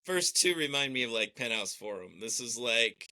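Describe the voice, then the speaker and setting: A man's voice: mid-range voice, expressive, normal speed, hardly any pauses, sharp tone. A man co-hosting a podcast, chiming in with dry, crude wisecracks about a film. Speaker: podcast co-host. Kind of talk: casual film chat.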